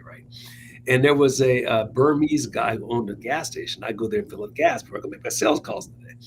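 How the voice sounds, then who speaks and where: A man co-hosting a political talk show tells anecdotes in a chatty, wry manner, laughing at his own points. His mid-range voice comes through a low-quality recording with a little hiss or hum.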